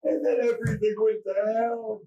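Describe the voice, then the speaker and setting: A man confessing under police interrogation, halting and distressed, stammering through restarts. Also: high voice, steady tone, highs cut off. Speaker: murder suspect under interrogation. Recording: distant mic in interrogation room.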